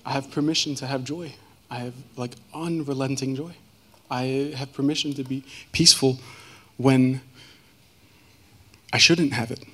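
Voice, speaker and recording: A man giving a personal testimony as a guest speaker, earnest and halting, with many fillers and restarts. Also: mid-range voice, steady tone, a bit bright, slightly rough.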